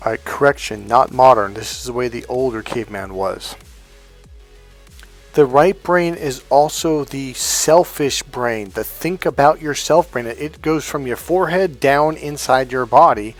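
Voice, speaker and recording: A man's voice: mid-range voice, measured pace, soft background music. Profane, fired-up male dating coach. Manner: profane, emphatic rant. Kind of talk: monologue to camera.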